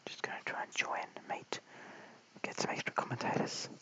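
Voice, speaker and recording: An Australian man giving whispered cricket commentary late at night at home, mic held very close, hushed and apologetic as he chats with viewers. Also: moderate pace, low-quality recording. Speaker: live stream cricket commentator. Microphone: held very close to the mouth.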